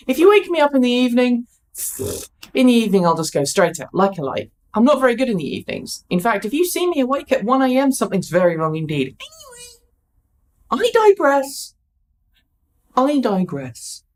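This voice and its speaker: Tired, chatty woman telling a story. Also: mid-range voice. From United Kingdom. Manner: chatty, wry, digressive. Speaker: vlogger. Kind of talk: storytelling monologue.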